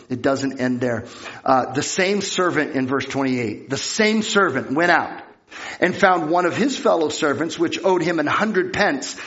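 A man delivers a sermon, reading scripture and bringing its characters to life with animated storytelling. His voice sits a little high for a man. The recording sounds dull and lo-fi. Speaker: pastor.

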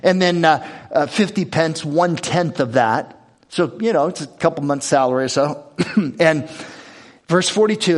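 Man, sermon, scripture reading, conversational preaching, rhetorical questions, fairly high voice. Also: lively intonation, unhurried. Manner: expository preaching, reading scripture aloud and explaining it. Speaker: pastor.

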